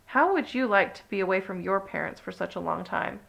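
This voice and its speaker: A woman with a gravelly voice reading aloud as a kind grown-up female ballet teacher mouse, speaking gently and slowly. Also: mid-range voice, lively intonation. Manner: gentle, measured.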